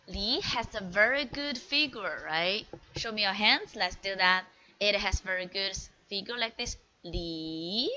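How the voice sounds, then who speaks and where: A woman whose first language is Chinese, teaching an online one-on-one lesson in English, slow and encouraging, praising often and modelling each word clearly. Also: medium pitch, pushed and bright, low-quality recording. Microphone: video call.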